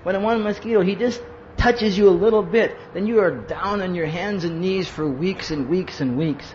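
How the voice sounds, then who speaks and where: A man's voice: high voice, normal speed, darkish tone. A man giving a sermon as a conversational story, acting out what people said and often asking "huh?". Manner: conversational storytelling, acts out quotes, asks "huh?". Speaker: preacher. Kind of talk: sermon with personal stories. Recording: roomy lo-fi hall recording with hum.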